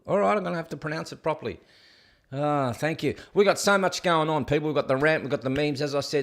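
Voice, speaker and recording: A man hosting a casual live stream, chatty and joking, talking back to the clips he plays. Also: on the high side. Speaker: host.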